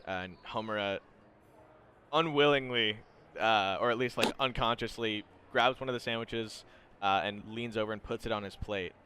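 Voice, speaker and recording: Man, game master, casual narration, low voice, faint background hiss. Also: normal speed. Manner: relaxed, filler-heavy narration with frequent laughs.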